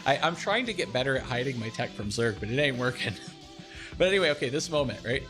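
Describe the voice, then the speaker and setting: A young man streaming, casually talking through a replay of his own game, animated and self-deprecating, laughing often. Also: mid-range voice, fast talker, music in the background.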